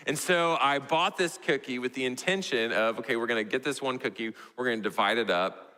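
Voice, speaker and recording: A young man with a Texan accent, a pastor telling a family story in a sermon, animated and storytelling. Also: a little fast. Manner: storytelling, animated, voices his toddler in a high squeal. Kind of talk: sermon illustration. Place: church sanctuary. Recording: church hall reverb.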